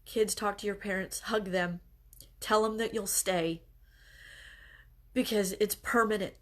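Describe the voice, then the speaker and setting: A middle-aged bereaved mother speaking earnestly and haltingly to her followers, tearful as she talks. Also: mid-range voice, steady tone. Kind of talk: emotional direct-to-camera talk.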